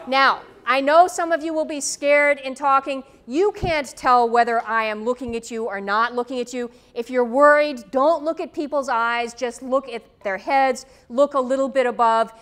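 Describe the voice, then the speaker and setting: A woman professor lectures a class through a tethered mic, speaking at normal speed with hardly any pauses. Her high, fairly bright voice stays firm and direct, and she keeps asking "okay?" to check on the students in the lecture room.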